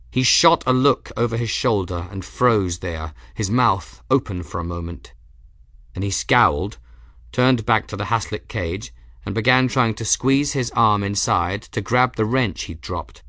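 A man narrating an audiobook in a measured storytelling manner. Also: on the low side, fairly bright tone, no echo, studio quality. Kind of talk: scripted narration.

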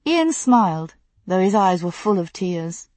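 A woman reading a novel aloud as narrator, in a steady, measured storytelling manner. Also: lowish voice, no room sound. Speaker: audiobook narrator. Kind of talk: scripted narration.

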